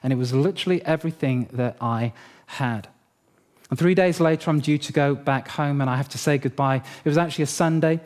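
A middle-aged man preaching a sermon as pastor, telling a story in a lively, humorous way. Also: a little high, a little fast.

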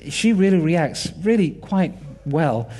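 British man, 40s, high voice, preacher, animated, acts out dialogue. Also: slow, a little hiss or hum. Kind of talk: sermon with personal stories.

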